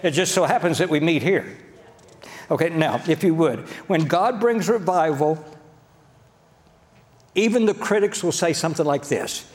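A male pastor delivers a folksy, direct sermon, often calling out to his congregation. His voice sits a little high for a man. It carries a long reverb from the church hall. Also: normal speed, pauses often. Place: church sanctuary.

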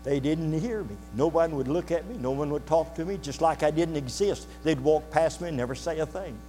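An older man preaching a sermon to his congregation, telling a story in a folksy, earnest way and pausing to ask the listeners questions. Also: a little high, warm tone, soft background music. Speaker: pastor. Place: church sanctuary. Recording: reverberant hall with faint mains hum.

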